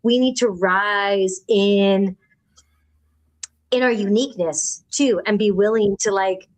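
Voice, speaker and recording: A woman hosting a casual spiritual chat, speaking earnestly and reflectively and often pausing to find her words. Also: mid-range voice, poor audio. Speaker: podcast host.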